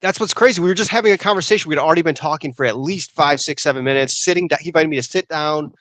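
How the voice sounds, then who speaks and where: Animated storytelling man, dry sound. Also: a little high, rapid-fire, no echo. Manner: animated storyteller, says "dude" a lot. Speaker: podcast co-host. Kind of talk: casual chat.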